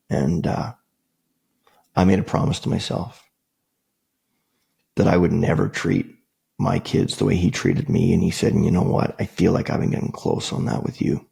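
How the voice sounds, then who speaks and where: A man's voice: sits low, normal speed, vocal fry, pauses often, dark tone, husky. A man from Canada hosting a podcast, telling reflective personal stories in an earnest, conversational way and repeating key phrases for emphasis. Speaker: podcast host.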